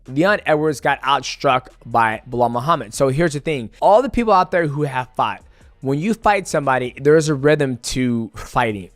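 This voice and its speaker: A man's voice: medium pitch, no room sound. A man in his thirties giving a casual, profane fight breakdown and acting out the moves as he explains. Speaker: fight analyst.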